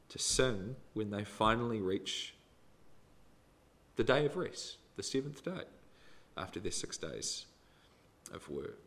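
Lively, emphatic man preaching a sermon. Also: on the low side. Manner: expressive, emphatic preaching with sudden rises and drops in loudness.

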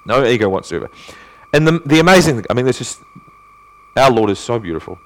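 Male pastor, mid-pitched and very expressive, earnest sermon delivery that moves from emphatic to hushed. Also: fast talker. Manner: earnest preaching with rhetorical questions, swinging from emphatic to hushed.

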